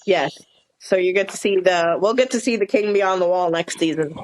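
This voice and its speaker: A woman's voice: fairly low pitch, normal speed. A woman with a Southern US accent co-hosting a podcast, rambling casually through episode scenes and quoting lines. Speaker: podcast co-host. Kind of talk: casual chat recapping a TV episode.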